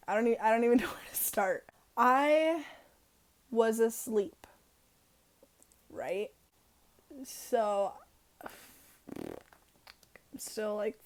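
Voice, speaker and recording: A woman's voice: mid-range voice, gravelly. A teenage girl chatting casually to camera in a storytime vlog, full of fillers and giggles. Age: teens. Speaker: vlogger. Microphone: camera in her room.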